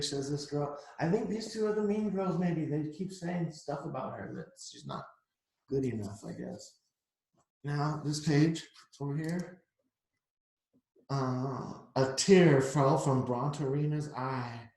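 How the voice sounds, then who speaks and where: A man's voice: mid-range voice, a little slow, a little mellow. A middle-aged man reading a picture book aloud to children, chatty and explaining the pictures as he goes. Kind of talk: read-aloud storytime. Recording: echoey room.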